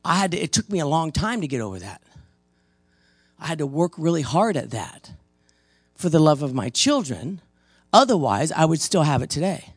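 A man's voice: on the high side, very animated, moderate pace, pauses often, breathy edge, no room sound. A man preaching in a conversational group talk, telling stories emphatically and often restarting his sentences. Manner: emphatic, storytelling, frequent restarts. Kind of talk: conversational ministry teaching.

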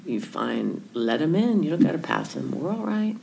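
Speaking at a moderate pace in a low, gravelly voice, a woman shares a faith-centered story in a conversational way. She brings it to life by performing the voices of the people involved and now and then sinks into a whisper. Slight background noise runs through the low-quality recording.

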